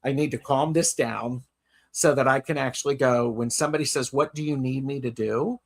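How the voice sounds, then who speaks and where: A man's voice: mid-range voice, fairly even intonation, a little fast, creaky. A man hosting a casual chat, telling a story and repeating words as he gathers his thoughts. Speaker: host.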